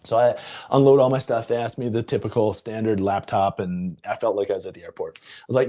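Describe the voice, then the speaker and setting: A man coaching on a live video, telling a story in a casual, animated way with laughs and quick voice switches. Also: lowish voice. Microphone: live-stream setup.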